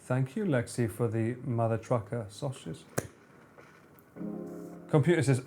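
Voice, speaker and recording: A man's voice: mid-range voice, slow pace, pauses often, a little mellow, slight background noise. A man streaming live, bantering and joking with his chat in a casual way. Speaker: livestreamer.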